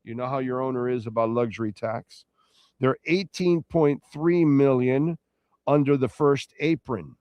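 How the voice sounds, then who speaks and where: A middle-aged man hosts a sports talk show in a loose, rambling way, reacting to listener comments as he goes. His voice sits at an ordinary pitch for a man. The recording is close and dry, with no room sound. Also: a little slow, a little mellow, no echo. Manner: rambling, conversational, reacting to chat. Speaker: sports radio host.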